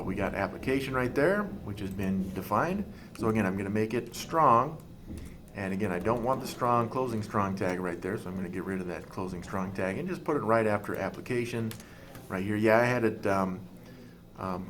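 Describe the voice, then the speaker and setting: A man teaching a coding class over a screen recording, talking through each step in a relaxed, thinking-aloud way. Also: fairly low pitch, slight background noise.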